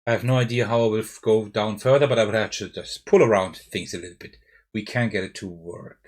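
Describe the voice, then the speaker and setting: A man's voice: lowish voice, steady tone, fairly quick, darkish tone. A man with a German accent, streaming a live card game playthrough and thinking aloud, often checking himself with "right?". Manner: thinking aloud, self-questioning with frequent "right?". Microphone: desk mic with face cam.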